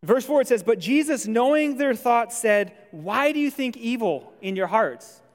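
Male pastor, high-pitched, chatty conversational preaching, church hall reverb. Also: a little slow. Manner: conversational, animated when voicing imagined objections. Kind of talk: sermon.

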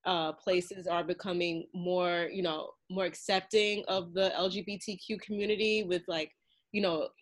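A woman's voice: fairly low pitch, steady tone, moderate pace. A woman hosting a podcast who asks long, searching interview questions full of fillers. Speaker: podcast host. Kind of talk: casual interview.

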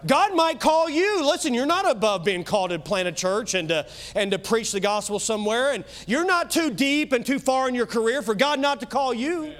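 Male pastor with a Kentucky accent, high voice, emphatic sermon delivery. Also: animated. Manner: emphatic preaching, swinging loud and soft, quick asides.

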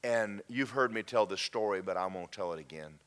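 A man preaching a sermon, telling an emotional testimony that drops to near-whispers and then rises loud. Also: on the low side, brisk, clean tone. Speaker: pastor.

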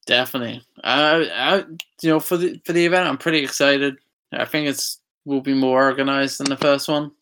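A man's voice: mid-range voice, fairly even intonation, a little fast, fairly bright tone, smooth. A man chatting casually on a podcast, laughing often and stumbling over his words. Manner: giggly, stammering. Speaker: podcast co-host. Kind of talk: casual chat.

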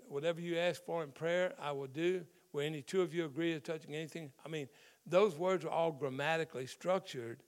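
A man who is a pastor, preaching a sermon in a conversational way and explaining the meaning of Greek words in scripture. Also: a little high.

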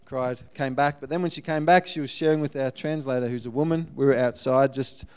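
A man giving a guest sermon, telling a missionary story in a lively way and acting out the people in it. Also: mid-range voice, a little fast, smooth.

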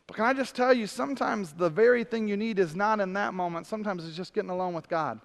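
A man preaching a sermon as pastor, swinging between emphatic preaching and hushed, intimate asides, with humorous self-deprecating moments. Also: high voice, quick pace. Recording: long church reverb.

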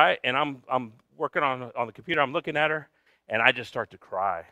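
A man preaching a sermon, telling a personal story with big swings from loud shouting down to a near whisper, sometimes switching to Spanish for the congregation. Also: mid-range voice, a little fast, no room sound, clean studio sound. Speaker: pastor.

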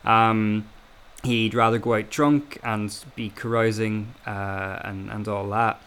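A man's voice: lowish voice, fairly even intonation, slow pace, fairly bright tone, clear, resonant tone. A man hosting a casual analytical chat, hesitant, with many fillers and restarts. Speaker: podcast host.

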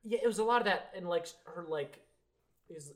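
On a casual movie review podcast, a young male co-host speaks in a high, animated voice at a moderate pace. He rambles about the film, using plenty of fillers and letting his sentences trail off.

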